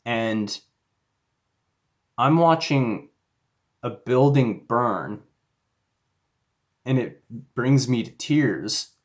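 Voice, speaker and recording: A man's voice: mid-range voice, expressive, extremely slow, long pauses. A man telling a personal faith story in a casual, rambling way, with fillers and restarts. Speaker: YouTuber.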